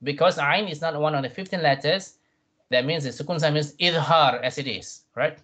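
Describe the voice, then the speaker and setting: A man teaching a Quran reading class, patient, often repeating himself and checking in with "right?", drawing out Arabic words slowly to model them. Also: a little high, fairly bright tone, dull audio. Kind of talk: tajweed revision class.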